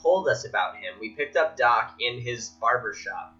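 A man's voice: mid-range voice, animated, moderate pace, bright, forceful tone, dull audio, soft background music. A man playing a tabletop role-playing game, joking and casual. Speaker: player.

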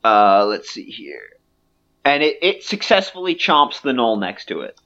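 Man game master, relaxed and loose, on a dull lo-fi mic. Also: medium pitch, unhurried. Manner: relaxed, filler-heavy narration. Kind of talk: narrating a tabletop game.

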